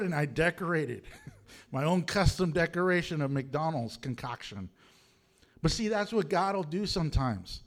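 High-voiced animated male preacher. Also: unhurried, pauses often. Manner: animated, humorous preaching with acted quotes. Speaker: pastor. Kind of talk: sermon.

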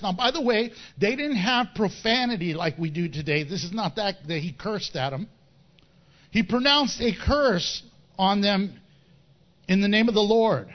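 A man preaching a sermon with animated delivery, chuckling at his own wordplay. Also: high-pitched, dull audio. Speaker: pastor.

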